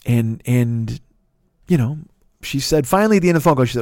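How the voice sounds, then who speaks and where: A man's voice: medium pitch, animated, brisk, a little mellow, dry recording, clean studio sound. A middle-aged man hosting a podcast, talking in a casual solo monologue that rambles, swears a lot and sounds exasperated. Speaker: podcast host.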